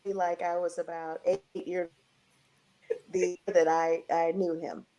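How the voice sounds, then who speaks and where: Animated woman telling a story. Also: fairly low pitch, a little slow. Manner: animated, acts out quotes, laughs often. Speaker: guest jazz vocalist. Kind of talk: emotional storytelling. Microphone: video call.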